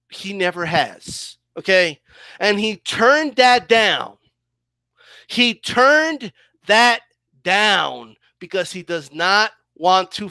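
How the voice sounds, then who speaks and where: A man's voice: high voice, sharp tone, no echo. A man giving a heated boxing opinion rant as a commentator, fired up and repeatedly asking "okay?" and "right?".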